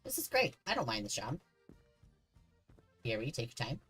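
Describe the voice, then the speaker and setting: A man's voice: medium pitch, huge pitch swings, normal speed, bright, forceful tone, slightly rough, soft background music, rough recording. A man streaming a horror game, chatting casually and joking with the characters on screen. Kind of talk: casual gameplay commentary.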